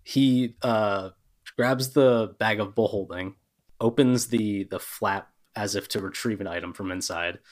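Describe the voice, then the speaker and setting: A man narrating a tabletop game as game master in a relaxed way, with many ums. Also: fairly low pitch, a little slow.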